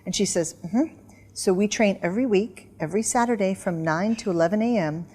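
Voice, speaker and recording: A middle-aged woman, a guest author in an interview, telling lively stories and acting out commands. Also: medium pitch, fairly quick, breathy edge. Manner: animated storyteller, acts out dog commands. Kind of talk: casual interview chat.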